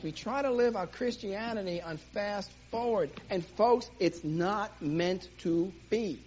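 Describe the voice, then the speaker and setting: Animated man teaching a church class. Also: sits high, slightly rough. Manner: animated, jokey, acts out little scenes. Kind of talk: lively church teaching talk. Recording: dull lo-fi recording, faint hiss.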